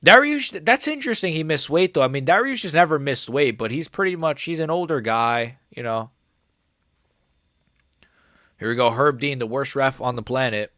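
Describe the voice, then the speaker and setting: A man's voice: medium pitch, animated, moderate pace, pushed and bright, no room sound, studio quality. A man hosting a live stream, reacting to a fight in a casual, rambling, profane way.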